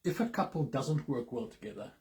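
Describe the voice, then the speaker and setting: A man's voice: mid-range voice, expressive, fairly quick, darkish tone. A man with a Zimbabwean English accent, co-hosting a casual chat with his wife; earnest and reflective, with a dry sense of humour. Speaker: co-host, business partner.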